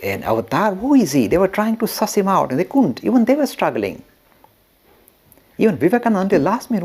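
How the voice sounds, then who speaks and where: A man's voice: mid-range voice, creaky, a little mellow, slightly rough. A man giving a storytelling lecture, acting out the quoted speech and laughing often.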